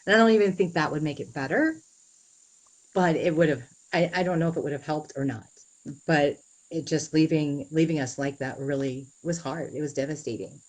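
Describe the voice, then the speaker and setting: Low-voiced woman telling a painful story. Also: rough recording. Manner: earnest, halting storytelling with many "you know"s. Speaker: interviewee. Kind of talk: personal story in an interview.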